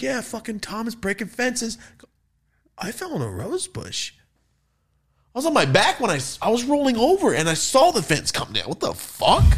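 A young man hosting a podcast, telling party stories in casual, profane, animated style. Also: deep voice, slightly rough. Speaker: podcast host. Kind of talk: casual storytelling.

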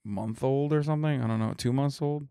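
A man's voice: mid-range voice, a little fast, dark tone, smooth, no room sound. Man, podcast guest, blunt and profane, casual banter, dry close mic. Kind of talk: casual chat.

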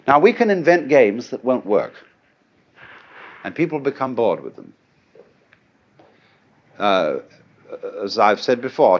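A middle-aged man giving a conversational philosophical lecture, musing aloud and asking rhetorical questions. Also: medium pitch. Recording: dull lo-fi archival lecture tape.

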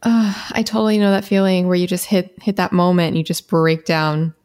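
A woman's voice: lowish voice, steady tone, a little fast, darkish tone. A woman co-hosting a podcast in casual chat, reflective and sympathetic. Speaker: podcast co-host.

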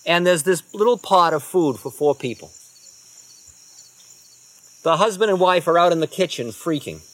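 A man, a spiritual teacher, telling unhurried rambling anecdotes with soft trailing asides. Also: fairly high pitch, animated. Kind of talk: storytelling talk.

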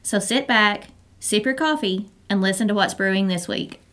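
A woman reads the scripted welcome of a podcast. Her delivery is even and plainly read from the page. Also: mid-range voice, normal speed. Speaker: podcast co-host.

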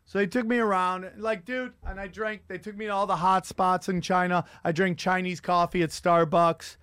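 A man hosting a casual podcast, telling rambling, profane stories with animated energy. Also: high voice, normal speed, clear, resonant tone, no echo, studio quality. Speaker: podcast host and comedian. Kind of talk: crude casual chat.

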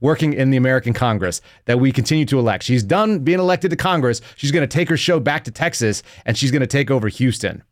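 A man's voice: medium pitch, animated, fast talker, hardly any pauses, dry recording, studio quality. A man in his thirties hosting an opinionated podcast, mocking and laughing often as he rants. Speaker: podcast host.

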